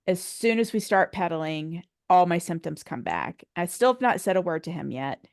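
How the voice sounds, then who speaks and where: A woman's voice: on the low side, normal speed, gravelly, no echo, studio quality. A woman in her forties, a podcast guest telling a personal story in a conversational way, acting out what others said and laughing often. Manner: animated storyteller, acts out quoted dialogue, laughs often.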